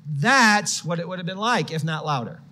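A man preaching a sermon, moving from quiet explanation to loud, shouted passages. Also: a little high, quick pace. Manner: expressive, swings from quiet to shouted quotes.

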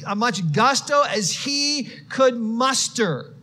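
A man preaching a sermon, moving from quiet explanation to loud, shouted passages. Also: high voice, measured pace, few pauses. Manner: expressive, swings from quiet to shouted quotes.

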